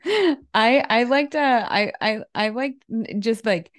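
A woman co-hosting a podcast in casual chat, wry and quick to laugh, giving short dry replies. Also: a little high, expressive, dry recording. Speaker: podcast co-host.

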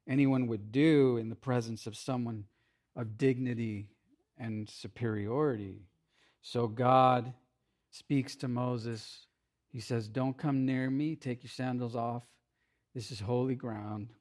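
A man's voice: medium pitch, a little mellow. A man preaching as a pastor, speaking conversationally with playful asides and acted-out quotes. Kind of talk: sermon.

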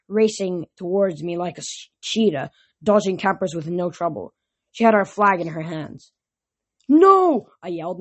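A woman reads a novel aloud in a steady, plain manner. Her voice sits low and carries a breathy, husky edge. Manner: plain, steady reading with small restarts. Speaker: narrator.

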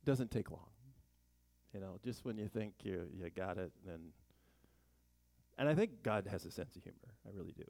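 A man's voice: low voice, animated, normal speed, gravelly, darkish tone, dry recording. A man teaching a Bible study in a chatty sermon style, full of joking asides and rhetorical questions.

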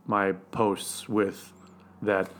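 Relaxed man explaining whiskey. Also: on the low side, extremely slow. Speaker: podcast co-host. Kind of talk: casual tasting chat.

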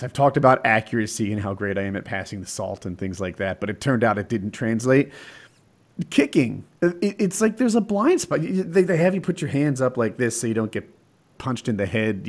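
A man in casual chat, telling fight stories in an animated, excitable way. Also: medium pitch.

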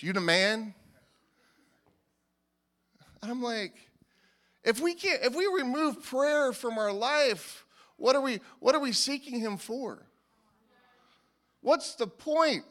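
A male pastor preaching a sermon in a casual, animated way, often restarting his sentences. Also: very high voice. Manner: animated and informal, with frequent restarts. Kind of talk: conversational sermon.

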